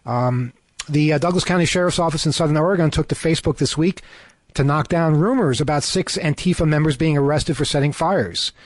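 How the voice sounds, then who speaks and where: Over a remote call, this male co-host reads the news and interrupts with sarcastic remarks, stumbling through plenty of fillers and restarts. He talks a little fast in a fairly high voice, and the recording is dry.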